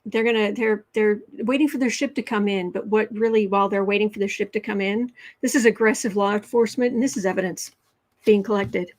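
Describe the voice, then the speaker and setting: A woman's voice: mid-range voice, fairly even intonation, fairly quick, rough recording. A woman hosting a casual livestream tarot reading, chatty, with frequent restarts as she reads viewer comments aloud.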